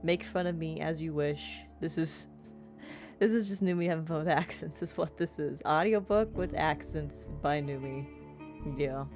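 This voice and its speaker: A woman's voice: deep voice, measured pace, darkish tone, soft background music. A young woman streaming a game, chatting playfully and rambling about her progress. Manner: chatty, playful, self-described yapper. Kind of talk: casual let's-play chat.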